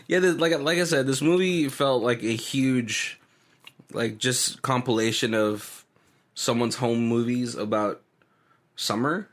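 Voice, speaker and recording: A man's voice: medium pitch, slow. A man co-hosting a movie podcast, chatting casually, laughing often and restarting his sentences. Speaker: podcast co-host. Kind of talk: casual movie commentary chat.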